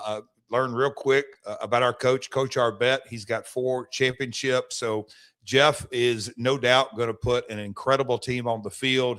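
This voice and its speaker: A middle-aged man from Nashville, a wrestling promoter talking as a guest on a sports radio show, telling stories in lively promoter's patter with frequent restarts. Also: medium pitch. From Nashville, Tennessee. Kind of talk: radio sports talk interview.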